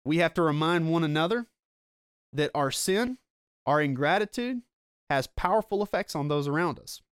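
A man preaching a sermon in an earnest, explanatory way, slowing down to stress his key points, a parent himself. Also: on the high side, expressive, clear, resonant tone, dry recording, clean studio sound. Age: adult with children. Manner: earnest, explanatory, slows down for emphasis. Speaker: pastor.

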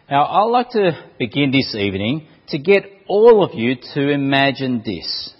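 A man's voice: on the high side, husky, big-room sound, highs cut off. A man preaching a sermon to his congregation in a playful, storytelling way.

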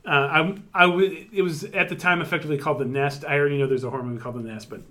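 A man in a casual chat, talking in quick bursts with many fillers and restarts. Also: on the high side, fairly even intonation, sharp tone. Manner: rapid, filler-heavy, restarts often. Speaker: podcast co-host.

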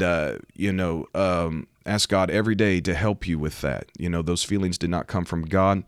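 An American man, a preacher, talking emphatically about faith and current events and rising to loud, animated outbursts. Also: sits low, clear, resonant tone, no echo, studio quality. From United States. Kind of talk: preaching commentary to camera.

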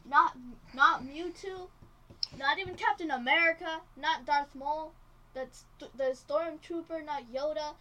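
Woman, podcast co-host, high voice, bright tone, teasing emphatic delivery. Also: a little slow. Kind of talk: casual banter.

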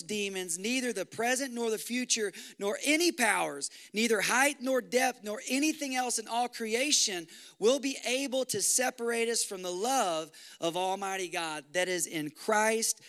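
A man preaching a sermon as pastor, impassioned and rising to loud exhortation. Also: high voice.

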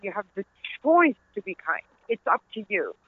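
A woman's voice: medium pitch, very animated, moderate pace, slightly rough, no room sound. Middle-aged Dutch-accented woman, author guest, earnest storyteller; dry, thin phone-line sound. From Netherlands. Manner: earnest, storytelling, laughs easily. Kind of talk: conversational interview. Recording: tinny phone-line audio.

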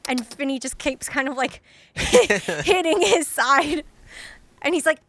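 A woman describes her character's actions in a tabletop role-play game, casual and giggly. Her voice sits somewhat high, and a faint hiss runs under the recording. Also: animated, takes it slowly, fairly bright tone. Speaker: player.

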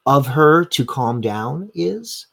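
A man's voice: mid-range voice, animated, slow, gravelly. A man running a tabletop game as game master, narrating scenes in long, vivid run-on descriptions.

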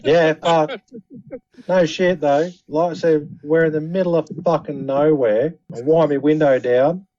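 Aussie bloke telling a story, mellow voice, kinda dull and dry. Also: male voice, fairly high pitch, steady tone, measured pace. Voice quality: heavy swearing, laid-back. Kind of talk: casual banter, storytelling.

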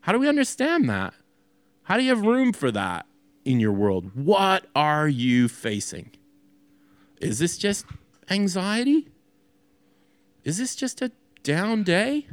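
A man's voice: high voice, big pitch swings, measured pace, no room sound. A man preaching a sermon as a pastor in a loose, conversational way, with many fillers and restarts.

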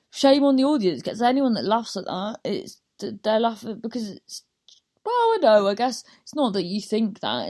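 A woman's voice: mid-range voice, darkish tone. Rambling, chatty woman. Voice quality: chatty, scattered, self-interrupting, swears often. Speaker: stand-up comedian. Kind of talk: rambling casual monologue.

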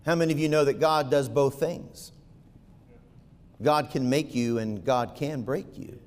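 A man preaching a sermon, firing rhetorical questions at the congregation and swinging from quiet asides to loud, fervent peaks. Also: mid-range voice, unhurried, in a large hall.

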